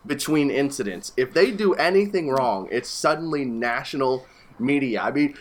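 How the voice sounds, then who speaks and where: A young man from the Philadelphia area, co-hosting a casual podcast chat, ranting in an animated, exasperated way. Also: medium pitch, normal speed.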